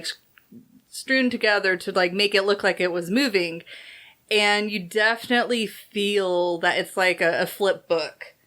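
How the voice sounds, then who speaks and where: A woman's voice: medium pitch, fairly bright tone. A young woman co-hosting a movie review show in casual chat, playful and giggly with lots of fillers.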